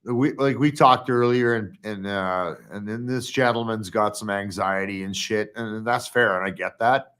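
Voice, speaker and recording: A man's voice: fairly low pitch, normal speed, a bit bright, smooth. Teasing, foul-mouthed man hosting a podcast. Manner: teasing, profane, joking. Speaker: podcast host and producer. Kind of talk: casual live podcast chat. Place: at home with a dog.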